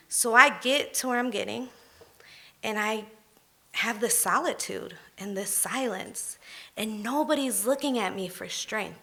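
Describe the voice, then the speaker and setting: A woman in her thirties tells a candid personal story on stage at a live storytelling event. Her voice is on the high side with a sharp tone, and she speaks emphatically and conversationally.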